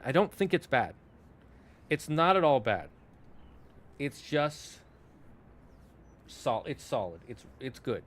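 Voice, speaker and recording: Young male streamer, loose rambling chat with restarts, mid-pitched voice. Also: a bit bright. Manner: rambling, self-correcting, talks in asides to chat. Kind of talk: casual chat to a live stream.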